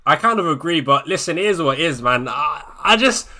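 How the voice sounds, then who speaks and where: A man's voice: a little high, animated, a little fast, bright, forceful tone. A man streaming live to his viewers, anxious and swearing, repeating himself as he talks things over with chat. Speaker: fantasy football streamer.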